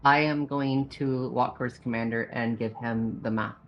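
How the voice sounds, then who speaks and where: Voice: mid-range voice, fairly even intonation, normal speed, lo-fi sound, faint music behind. A player in a tabletop game, careful and asking questions. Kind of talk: casual tabletop game play.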